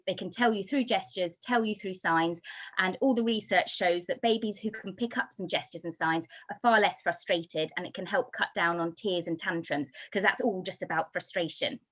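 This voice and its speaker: A woman from the United Kingdom giving a talk on baby sign language, explaining with lively, sing-song emphasis. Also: medium pitch. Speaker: baby signing instructor. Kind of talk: talk to an audience.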